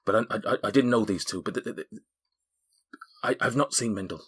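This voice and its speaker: A man's voice: fairly low pitch, brisk, fairly bright tone, breathy edge. A man doing a stammering dwarf. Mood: shaken. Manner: stammering, repeating words. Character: grateful male dwarf, fumbling and earnest.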